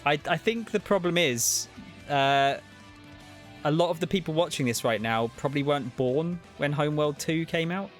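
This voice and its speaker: A man's voice: on the high side, normal speed, soft background music. A man co-hosting a stream, giving wry, unimpressed reaction commentary. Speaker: stream co-host.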